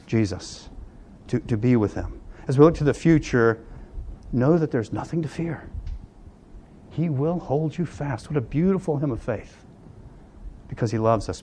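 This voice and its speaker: An older man preaching a sermon, earnest, often dropping to a hush on key lines. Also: mid-range voice. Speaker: pastor.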